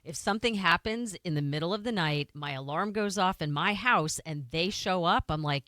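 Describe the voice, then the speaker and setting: A woman's voice: on the low side, fairly bright tone, dry recording, clean studio sound. An American woman co-hosting a radio show, chatting and telling playful stories. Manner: chatty, quick, playful storyteller. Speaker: radio co-host. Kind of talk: casual radio chat.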